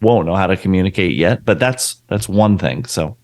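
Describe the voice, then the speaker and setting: A man's voice: deep voice, moderate pace. A man in his thirties co-hosting a podcast, casually telling family stories and acting out quotes. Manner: animated storytelling with acted-out quotes. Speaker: podcast co-host. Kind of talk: casual chat.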